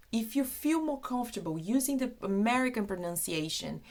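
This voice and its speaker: A young Brazilian woman whose first language is Portuguese, teaching British expressions in a chatty, animated video lesson. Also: on the high side, fairly quick. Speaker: English teacher.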